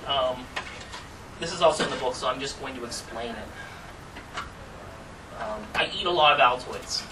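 Speaking at a measured pace in a mid-range voice, a man gives a relaxed, chatty talk to an audience about doing magic, chuckling at his own anecdotes. It's captured on a distant microphone with noise in the background.

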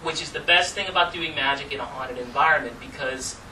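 Before an audience in a room, a man delivers a chatty, casual talk on magic, laughing at his own stories, in a medium-pitched voice with a sharp tone and a slightly fast pace. The mic is distant, and background noise is audible.

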